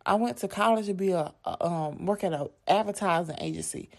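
A woman's voice: lowish voice, brisk, vocal fry. Emphatic young woman creator. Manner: emphatic, repeats "like" and "right?" often. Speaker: content creator and podcast host. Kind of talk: casual direct-to-camera monologue.

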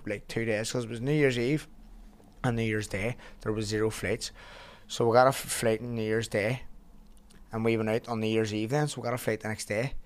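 Man, belfast accent, young, casual podcast chat, lively swearing storyteller, mid pitch. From Northern Ireland. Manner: animated storytelling, heavy swearing. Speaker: podcast guest, boxer.

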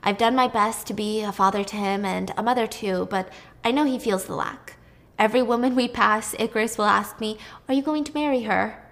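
A woman voicing a gentle, weary craftsman and single father who talks in a quiet, confiding way. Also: a little high, a little fast.

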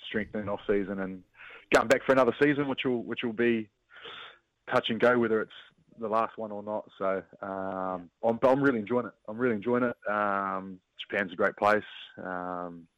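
Kiwi rugby guest on a muffled phone call, lower voice, easygoing and halting. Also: male voice, fairly bright tone, dry recording. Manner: laid-back, hesitant, lots of fillers. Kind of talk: casual chat on a phone line. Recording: dull, dry phone-line sound.

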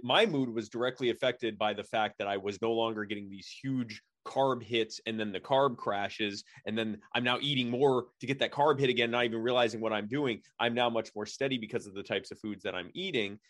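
A man's voice: mid-range voice, a little fast, few pauses, dry recording, clean studio sound. A man talking in a casual podcast conversation, rambling with lots of fillers and restarts. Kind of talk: casual chat.

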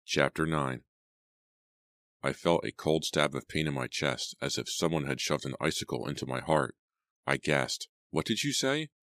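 A man narrating an audiobook in a measured, even storytelling manner. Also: extremely low pitch, dry recording, clean studio sound. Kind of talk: scripted narration.

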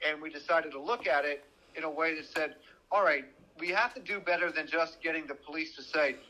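A male news reporter joins a podcast conversation. His voice sits a little high and sounds bright and forceful. He tells the story in a direct, plain way. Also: a little fast, poor audio. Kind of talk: conversational true-crime podcast.

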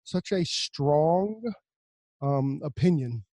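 Excitable American man hosting, dry sound. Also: fairly high pitch, extremely slow, dry recording. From United States. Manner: excitable, hesitant, laid-back slang. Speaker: podcast host. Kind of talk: casual podcast chat.

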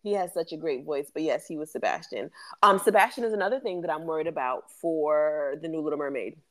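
A woman in her thirties with a low voice co-hosts a casual podcast. She talks in a chatty way, full of fillers and easy laughter. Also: brisk. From West Indies. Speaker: podcast co-host. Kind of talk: casual chat.

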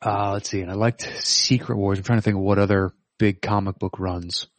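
Middle-aged male co-host, lowish voice, hesitant and thinking aloud. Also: steady tone, brisk, no echo. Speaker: podcast co-host. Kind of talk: casual chat.

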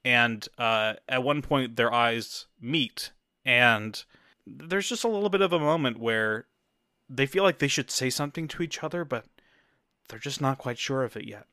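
A man narrates an improvised comedy scene in a bright, sharp voice. He talks loosely and casually, with plenty of fillers. The sound is dry and close. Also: mid-range voice, moderate pace, clean tone, no echo.

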